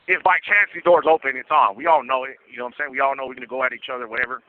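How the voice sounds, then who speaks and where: A man's voice: medium pitch, steady tone, very fast, no echo. A man, telling prison stories in casual streetwise slang over the phone and acting out the voices of the people in them. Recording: tinny phone line.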